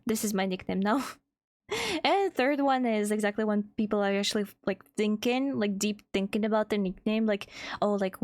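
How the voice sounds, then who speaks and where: A woman's voice: mid-range voice, a little mellow, no room sound. A young woman, rambling casually on a live stream, laughing often, swearing and greeting chat by name. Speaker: VTuber streamer and artist.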